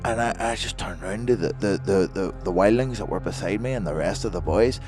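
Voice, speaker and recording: A man with a low voice tells a long story, swearing freely and acting out other people's lines. Soft music plays faintly behind him. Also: fairly quick. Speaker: guest, former film extra. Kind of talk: animated storytelling.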